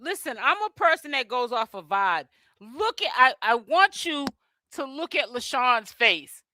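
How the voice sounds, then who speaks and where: A woman with a bright, higher voice hosts a gossip livestream. She gives her opinion and addresses the chat directly. Her voice sounds close and dry, with no room echo. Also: very animated, measured pace.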